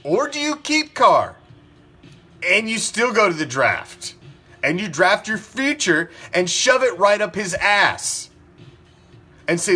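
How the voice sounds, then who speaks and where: A man's voice: high-pitched, sing-song, slow, long pauses, pushed and bright, slightly rough, faint music behind. A man hosting a sports talk show, ranting profanely and firing off rhetorical questions. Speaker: sports podcast host.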